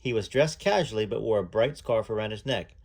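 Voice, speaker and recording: A man narrating a book aloud at a measured pace, telling the story in the first person. He sometimes breaks off to add his own comments between passages. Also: on the low side, animated, gravelly, darkish tone, breathy edge.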